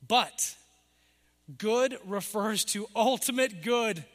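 A middle-aged male pastor preaches with a notably high voice that climbs for emphasis and then drops to a soft low murmur. His words ring out with a long reverb, as in a large church sanctuary. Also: takes it slowly. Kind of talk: sermon.

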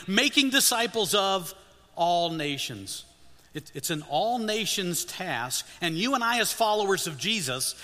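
An older man preaching a sermon as a missionary, animated and humorous, leading the congregation in call-and-response. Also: sits high. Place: church sanctuary. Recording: long reverb of a church hall.

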